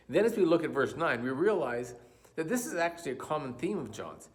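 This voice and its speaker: A man's voice: a little high, sing-song, a little fast. A man giving a church sermon, telling a joke story and reading scripture, with frequent fillers and restarts. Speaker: pastor.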